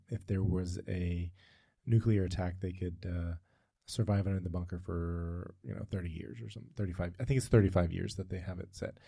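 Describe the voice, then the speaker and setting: A man's voice: deep voice, gravelly, warm tone, slightly rough, dry recording, studio quality. A man co-hosting a casual podcast, telling a long story with frequent tangents and fillers. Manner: rambling, goes off on tangents, many fillers. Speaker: podcast co-host.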